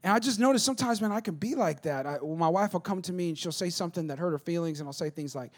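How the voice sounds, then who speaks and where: A man preaching a sermon as pastor on a church stage, animated, with call-and-response asides and self-deprecating humor. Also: high-pitched, fast. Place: church stage, on stage before a congregation.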